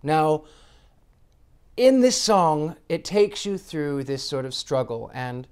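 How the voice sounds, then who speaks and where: A man's voice: on the high side, big pitch swings, takes it slowly, a little mellow, clean tone. A man, a psychic, speaking earnestly in a reflective monologue, with frequent restarts. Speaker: psychic sharing personal reflections.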